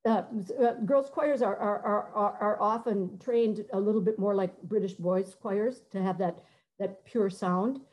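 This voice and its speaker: A middle-aged woman composer giving a conversational talk, halting and searching for words, sometimes singing short phrases to demonstrate. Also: medium pitch, darkish tone, rough recording. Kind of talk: conversational talk with many fillers and restarts.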